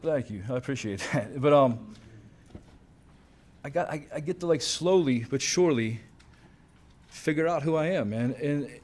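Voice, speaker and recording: A man's voice: on the high side, animated, normal speed, long pauses, darkish tone. A man in his thirties or forties gives a casual, candid recovery talk at a banquet, full of "man" and "dude" and the odd swear. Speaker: banquet speaker at a recovery conference. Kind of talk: personal recovery talk to a crowd. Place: banquet hall with a crowd.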